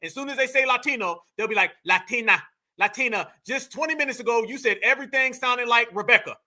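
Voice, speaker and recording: Loud, high, bright-voiced man ranting. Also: fast. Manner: loud, dismissive, mocking, repetitive. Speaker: livestream host. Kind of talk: reaction commentary.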